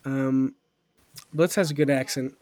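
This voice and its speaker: A man's voice: medium pitch, steady tone, a little slow, a crowd in the background. A young man in his twenties hosting a podcast, chatting casually and enthusiastically with lots of fillers and rambling asides. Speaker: podcast host. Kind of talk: casual chat.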